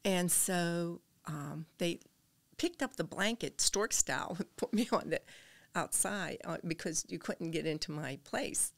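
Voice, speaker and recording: A woman's voice: lowish voice, a little slow, gravelly, no echo. An older woman, a podcast guest, earnestly telling a personal story and dropping to a whisper at tense moments.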